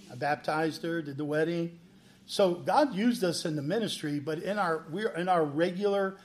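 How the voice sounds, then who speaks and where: Animated man telling a pastor's story. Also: fairly high pitch. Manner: animated, acts out quoted dialogue. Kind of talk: personal testimony storytelling.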